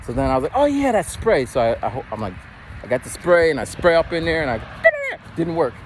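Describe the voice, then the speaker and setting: A man's voice: medium pitch, fast. A man telling a casual story as a vlogger, rambling with many restarts and repeated words, recorded on a phone outdoors near traffic.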